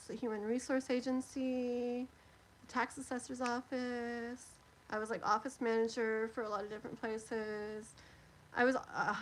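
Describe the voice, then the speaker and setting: A woman's voice: fairly high pitch, slight background noise, poor audio. A middle-aged woman, chatting casually and rambling with lots of fillers as she does a live tarot stream.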